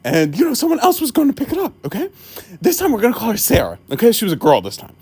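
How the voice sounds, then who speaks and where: A man telling funny personal stories in a casual, animated way, swearing and laughing as he goes. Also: very high-pitched, quick pace, breathy edge. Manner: animated and exaggerated, swears and laughs mid-story. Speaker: storyteller. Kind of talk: casual comedic storytelling.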